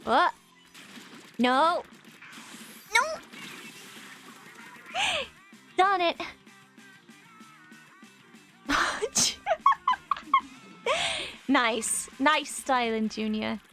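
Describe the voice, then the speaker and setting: A woman's voice: high voice, sing-song, very slow, pauses often, sharp tone, soft background music. A woman in her twenties chatting casually on a live stream while she plays, reading chat aloud and laughing often. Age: 20s.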